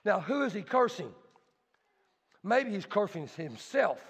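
A male pastor preaching a sermon with emphatic delivery that swings between soft talk and shouting, and he poses questions to the congregation. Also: high voice, very animated, a little slow, slightly rough. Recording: long hall reverb.

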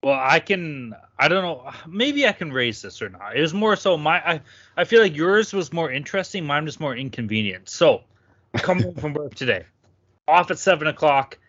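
A hyped-up male podcast host from Toronto with a bright, forceful voice that sits a bit high. He talks loud and swears freely through casual banter. The audio is dry and dull, like a lo-fi podcast mic. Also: animated, normal speed, breathy edge, no room sound. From Toronto, Canada.

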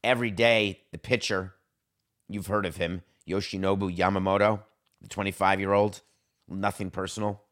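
A man's voice: sits low, level tone, moderate pace, a bit bright. A man hosting a solo sports podcast, talking in a wry, theatrical way that swings between dry asides and mock-grand flourishes. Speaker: podcast host.

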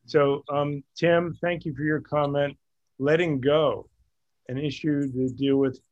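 Slow-talking man with muffled dry sound. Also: fairly high pitch, fairly even intonation, darkish tone, no echo. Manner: halting, self-correcting, laughs often. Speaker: discussion group host. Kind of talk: casual group discussion.

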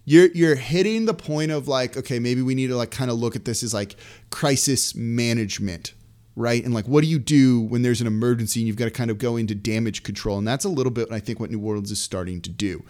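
Going solo on his sports podcast, a mid-range-voiced man briskly covers team news, keeping it casual and animated with plenty of asides.

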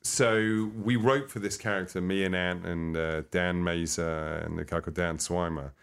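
A man, a comedian guest, telling stories in a casual interview in an animated way. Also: sits low, vocal fry, smooth. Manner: animated, quick to slip into voices.

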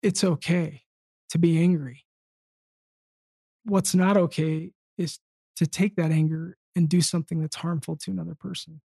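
Earnest, halting man with a dry sound. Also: a little high, fairly even intonation, creaky, warm tone, slightly rough, dry recording. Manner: earnest, halting storytelling with many restarts. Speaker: podcast guest. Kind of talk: casual conversation.

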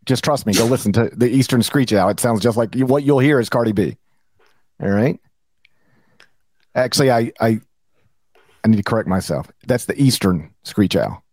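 A middle-aged man co-hosting a sports podcast, talking in a playful, rambling, animated way. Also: medium pitch, normal speed, pauses often, no room sound. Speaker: podcast co-host. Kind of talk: casual sports podcast banter.

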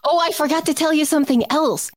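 A woman's voice: sits high, fast talker, no room sound, clean studio sound. A woman in her thirties, co-hosting a casual chat, telling a story with many fillers and restarts. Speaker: podcast co-host.

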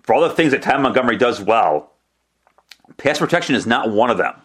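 A man's voice: mid-range voice, expressive, a little fast, fairly bright tone, breathy edge. A man hosting a solo sports podcast, talking in a chatty, rambling way with restarts and self-deprecating asides. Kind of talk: casual solo podcast commentary.

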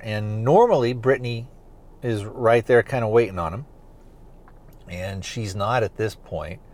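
A man hosting a podcast, recapping a TV episode in a loose, rambling way with lots of fillers like "kinda" and "you know". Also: on the low side. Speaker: podcast host reviewing a TV series.

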